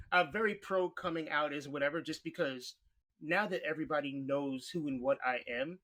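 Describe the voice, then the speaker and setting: A man from New York talking candidly as a podcast guest, in quick bursts and with casual swearing. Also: fairly high pitch, fairly bright tone. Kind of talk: conversational interview.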